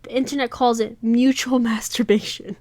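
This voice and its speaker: A woman reading aloud, voicing a flustered, embarrassed young woman baker who talks haltingly. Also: fairly high pitch, fairly even intonation, darkish tone, dry recording, natural voice.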